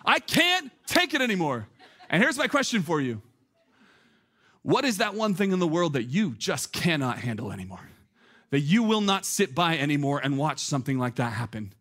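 High-voiced, animated male pastor preaching. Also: normal speed. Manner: animated, conversational, many filler "like"s, rising to near shouts. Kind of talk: sermon.

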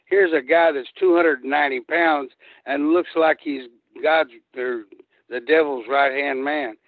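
A man's voice: on the high side, a little slow. An older man, a retired wrestler telling rambling stories and acting out quotes. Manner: rambling, animated storyteller who acts out quotes. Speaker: guest, retired pro wrestler. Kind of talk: casual storytelling. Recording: tinny dry phone line.

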